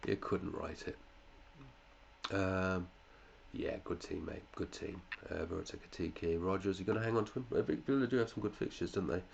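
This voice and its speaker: A man's voice: sits low, steady tone, normal speed, creaky, dull audio, a little hiss or hum. A male fantasy football podcast host in casual chat, running through listeners' teams, chatty, with muttered asides and casual swearing.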